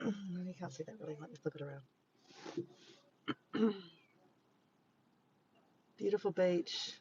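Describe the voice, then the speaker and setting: A man's voice: high voice, slow pace, darkish tone, slightly rough, highs cut off. An Australian man chatting on a casual livestream from his phone in a parked car by the beach, rambling and easily sidetracked. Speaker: vlogger. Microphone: handheld phone camera.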